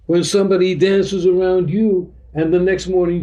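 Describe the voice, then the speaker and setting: A man's voice: sits high, flat delivery, a little slow, warm tone, lo-fi sound. A man giving an informal teaching talk to a group in a meeting room, blunt and full of street slang, acting out little dialogues. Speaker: spiritual teacher.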